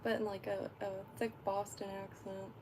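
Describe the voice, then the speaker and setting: Chatting on her fishing livestream, a woman from Florida, USA rambles along with many fillers and lots of laughs. Her voice is medium in pitch with a level, darkish tone and a moderate pace, and a slight hiss or hum sits in the background.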